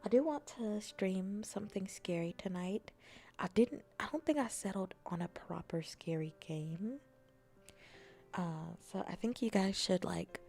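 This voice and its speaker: A woman streamer chatting casually with her viewers, playful and often slipping into soft whispers. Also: fairly low pitch, gravelly. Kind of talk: casual chat.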